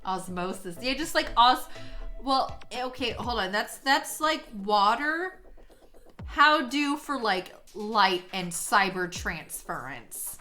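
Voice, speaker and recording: A young woman streaming while she draws, gushing excitably, swearing a lot, laughing often and trailing off mid-sentence. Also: a little high, slow pace, faint music behind. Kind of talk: casual live-stream chat while drawing.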